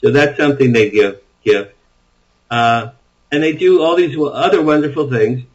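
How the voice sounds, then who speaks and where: A man's voice: mid-range voice, moderate pace, dull audio. A man being interviewed as an author, talking eagerly and at length, often restarting his sentences. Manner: enthusiastic, rambling storyteller with frequent restarts. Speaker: author guest. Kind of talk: interview conversation.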